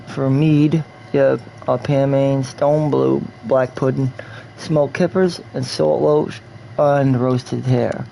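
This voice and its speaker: A man's voice: medium pitch, creaky, warm tone, a little hiss or hum. A man streaming a video game, musing aloud in a loose, offhand way as he reads menu items and guesses at them. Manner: loose and offhand, with mild swearing. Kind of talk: casual gameplay commentary.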